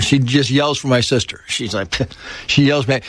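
Animated storytelling man, dry mic. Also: moderate pace, no echo. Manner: animated, jumps into high shouted voices when quoting people. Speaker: guest telling life stories. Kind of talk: casual storytelling chat.

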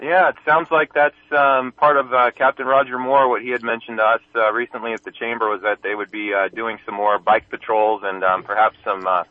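A man's voice: mid-range voice, little pitch movement, brisk, hardly any pauses, no room sound. A man phoning in to a radio show as a local business leader, speaking in an upbeat, informative way with some fillers. His voice comes through a thin, tinny telephone line with a dry, close sound. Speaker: chamber of commerce head, caller. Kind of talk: casual radio call-in chat. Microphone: phone.

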